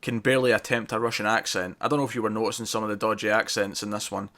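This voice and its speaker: A man's voice: lowish voice, steady tone, racing, a bit bright. A man co-hosting a casual TV review chat, rambling and correcting himself, often laughing. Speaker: podcast co-host reviewing TV.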